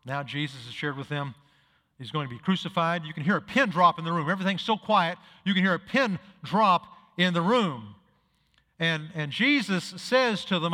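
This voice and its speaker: A man's voice: a little high, moderate pace, pushed and bright, big-room sound. A male pastor preaching a sermon, telling stories and acting out the dialogue, building to emphatic peaks. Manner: storytelling, acts out dialogue, rises to emphatic peaks.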